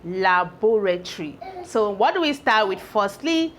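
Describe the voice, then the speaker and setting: With a sing-song, mid-range voice, a woman teaches English spelling at a board, sounding out syllables one at a time in slow, drawn-out pieces. She checks whether her learners are following, and there's a little hiss or hum in the recording.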